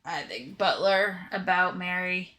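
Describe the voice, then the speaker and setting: A woman hosting a casual board game playthrough, chatty and quick to agree. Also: fairly low pitch, pushed and bright. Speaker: board game video host.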